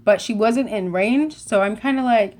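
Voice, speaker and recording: A young woman chatting to camera, telling a rambling, animated story full of asides and self-corrections. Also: on the high side, moderate pace. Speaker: vlogger.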